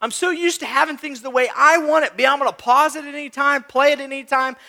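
High, bright-voiced male pastor preaching. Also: steady tone, fast, vocal fry. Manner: conversational preaching with rhetorical questions and repetition. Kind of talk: sermon.

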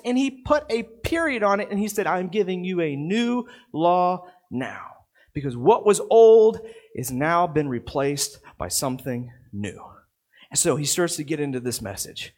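Animated man preaching a sermon. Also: sits high. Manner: animated preaching with rhetorical questions and repeated phrases. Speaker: pastor.

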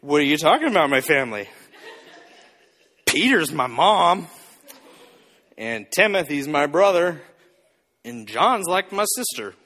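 A pastor doing a wry, laid-back Jesus. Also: male voice, fairly high pitch, sing-song, unhurried, long pauses, sharp tone, in a large hall, a little hiss or hum, pitched below the performer's own voice, exaggerated voice. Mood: bemused. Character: casual, wry grown man Jesus.

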